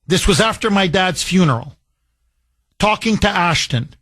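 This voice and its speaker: A man's voice: high-pitched, lively intonation, unhurried, a bit bright. A middle-aged man from Canada hosting a talk radio show, delivering an emotional, heated monologue.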